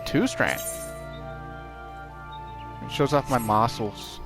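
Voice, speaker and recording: A man's voice: mid-range voice, slow. A man giving casual, rambling commentary while playing a video game, telling a story with many fillers and restarts. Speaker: let's play host. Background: game music.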